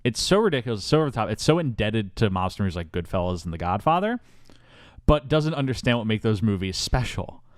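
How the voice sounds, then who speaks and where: A fairly low-voiced man hosting a casual podcast, his pitch swinging widely as he tells a story with mock-epic grandeur. The sound is close and dry, with no room behind him. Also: sing-song, fast talker, no room sound. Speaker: podcast host.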